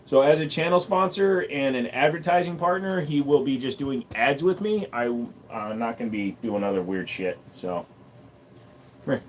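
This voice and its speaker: A man's voice: medium pitch, animated, moderate pace, slight background noise. Rambling casual male livestream host. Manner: rambling, joking, talks to his dog between topics.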